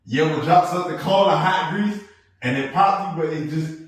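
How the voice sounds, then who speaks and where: A man co-hosting a podcast, chatting casually and telling stories, jumping between loud bursts and low asides. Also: fairly quick. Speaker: podcast co-host. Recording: echoey room, mic at a distance.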